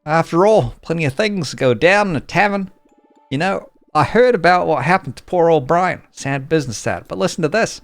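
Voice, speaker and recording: A man's voice: on the high side, expressive, normal speed, no room sound, soft background music, voice pushed up. A man voicing a boastful, gossiping male tavern keeper in a put-on Australian accent, with folksy slang. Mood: gossipy. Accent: mock Australian.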